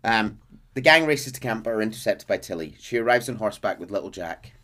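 A man casually recapping a game's story for friends, lively, now and then dropping into gruff voices for the characters. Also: on the low side, fairly quick. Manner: lively narration, briefly voicing characters in gruff drawls. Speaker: storyteller recapping a game plot.

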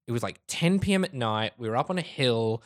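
A quick, lively man chatting about filmmaking with friends. He rushes through his stories with bursts of laughter and plenty of swearing, his pitch sitting in an ordinary middle range. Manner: fast, animated storytelling with frequent laughs and swearing. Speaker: filmmaker and director. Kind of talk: casual chat among friends.

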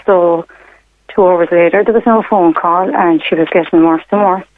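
Phoning in to a radio show on a tinny line, a woman tells a personal story in a rambling, hesitant way, full of fillers and retold quotes. Her lowish voice is steady, at normal speed, with no echo.

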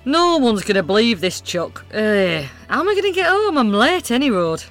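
A woman's voice: fairly high pitch, big pitch swings, moderate pace, fairly bright tone, faint music behind, voice pushed up. A woman voicing a flustered, blunt older woman in a comic audio sketch, homely and grumbling. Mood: fretful. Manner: homely, grumbling, full of pet names.

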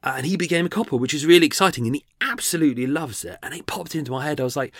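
A man's voice: mid-range voice, racing, few pauses, fairly bright tone, no echo, studio quality. A man hosting a podcast solo, chatting casually in a rambling way, often restarting and correcting himself. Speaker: podcast host.

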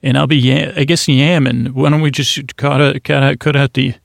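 Man with a creaky, meandering voice. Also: mid-range voice, flat delivery, no echo, clean studio sound. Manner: meandering, self-deprecating, drawn-out yammering with many fillers. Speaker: podcast host. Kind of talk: rambling bedtime talk.

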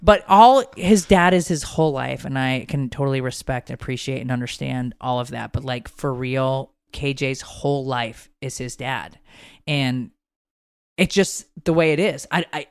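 Woman, 30s, casual podcast co-host; blunt, lively, smooth clear voice, dry close mic. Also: extremely low pitch, dry recording. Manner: animated, blunt, swears freely. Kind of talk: casual chat.

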